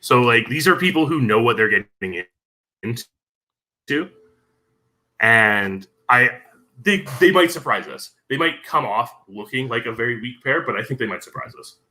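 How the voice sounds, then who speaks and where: A man guesting on a casual podcast, explaining things with knowledge in a measured way, with frequent ums. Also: medium pitch, animated, pushed and bright, low-quality recording.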